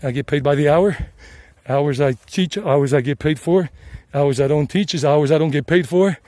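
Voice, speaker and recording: Casting: middle-aged Southern US man, slightly high and mellow, rambling as he walks a trail with a phone in hand. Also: moderate pace, no echo. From South Carolina, United States. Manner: chatty, meandering, repeats himself. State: sweating from the climb. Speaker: travel vlogger and English teacher. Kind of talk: casual rambling narration while hiking. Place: outdoors on a mountain trail. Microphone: handheld phone.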